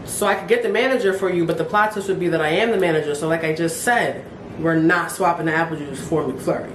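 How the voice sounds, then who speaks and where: Woman playing sarcastic fast-food manager, unbothered, roomy echo, light noise. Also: fairly low pitch, lightly acted. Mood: sassy. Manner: sassy, sarcastic.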